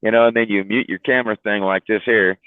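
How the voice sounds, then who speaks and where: A man's voice: lowish voice, fairly even intonation, fast, clean tone, no room sound. A worn-out man hosting a casual livestream chat, rambling and joking with a laugh. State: tired, worn out. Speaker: livestream host. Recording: tinny phone-like livestream audio.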